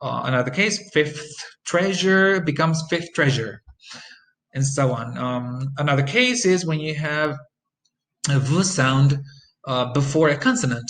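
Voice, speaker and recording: A man teaching English phonetics in a recorded lesson, explaining sound changes and repeating example phrases slowly, with frequent ums and uhs. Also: mid-range voice, fairly bright tone, low-quality recording. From Costa Rica.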